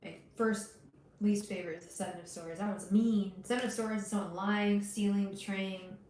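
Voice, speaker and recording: A woman hosting a live tarot reading, talking gently and directly to her viewers with frequent restarts. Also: mid-range voice, fairly even intonation, normal speed, roomy sound, slight background noise, rough recording. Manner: gentle, soothing, talks straight to viewers; emotional, hesitant restarts. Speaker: tarot reader livestream host. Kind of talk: casual livestream reading.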